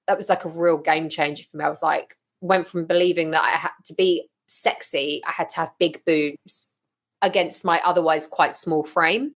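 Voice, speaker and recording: A woman talking as a podcast guest, telling her story frankly and with lively, blunt humour. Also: low-pitched, moderate pace. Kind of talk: casual interview chat.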